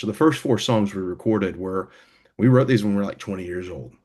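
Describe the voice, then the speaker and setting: A man's voice: fairly low pitch, a little fast, darkish tone, husky. A young man, a band member, talking casually in an interview, rambling with many fillers and restarts. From United States.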